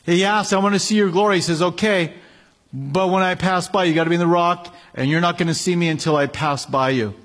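A man's voice: high-pitched, fairly quick, a bit bright. A male pastor preaching a sermon, reading scripture with building emphasis and then explaining it casually.

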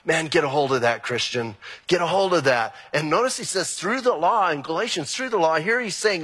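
A pastor preaching a sermon with animated, emphatic delivery and exclamations. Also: male voice, a little high, normal speed, few pauses, breathy edge, big-room sound. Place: church sanctuary.

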